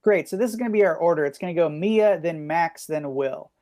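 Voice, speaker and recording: A man hosting a live online improv comedy show, calling on players with quick, upbeat patter over a video call. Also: a little high, a little mellow, dry recording, studio quality.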